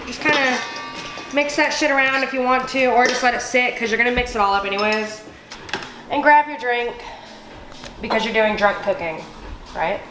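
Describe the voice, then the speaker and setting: A woman's voice: on the high side, moderate pace, pauses often, sharp tone. A tipsy woman hosting a casual cooking vlog, rambling and swearing freely as she chops. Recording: echoey room with music behind.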